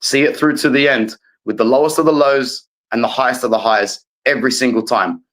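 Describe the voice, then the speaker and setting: A man's voice: medium pitch, steady tone, a little fast, fairly bright tone, poor audio. A man, a guest in a casual football chat, talking with passion and rambling on. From Australia.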